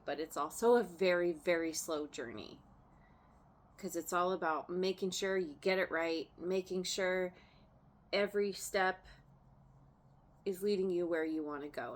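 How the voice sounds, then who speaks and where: A woman doing a casual tarot reading, chatty and laughing often, trailing off and restarting her sentences as she turns cards. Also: fairly low pitch. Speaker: tarot reader.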